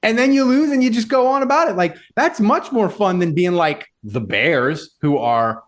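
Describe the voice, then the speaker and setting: Animated, rambling male podcast host. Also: high-pitched, moderate pace. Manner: rambling, filler-heavy, animated storytelling. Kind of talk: casual sports chat.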